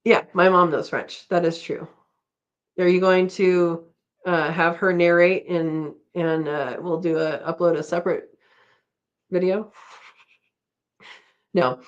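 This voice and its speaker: A woman's voice: lowish voice, steady tone, slow, pauses often. A middle-aged woman hosting a casual live-stream chat, rambling and laughing often as she reads out comments. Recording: dull lo-fi stream audio.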